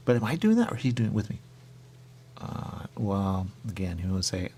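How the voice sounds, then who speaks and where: A deep-voiced man with a gravelly edge hosts a radio show in casual chat. He rambles and muses aloud. A faint hum runs under the recording. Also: expressive, fairly quick, a little mellow.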